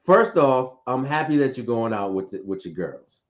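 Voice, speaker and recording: A man in casual relationship talk, playful and lively, often repeating words as he gets going. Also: mid-range voice, moderate pace, highs cut off. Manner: animated, playful, repeats words when excited.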